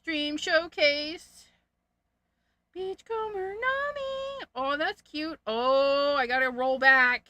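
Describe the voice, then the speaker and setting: A woman's voice: high-pitched, fairly even intonation, slow pace, bright, forceful tone, dull audio. A woman hosting a casual crafting livestream, chatting and giggling as she sorts through her stamps. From Canada. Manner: chatty, giggly, thinks aloud.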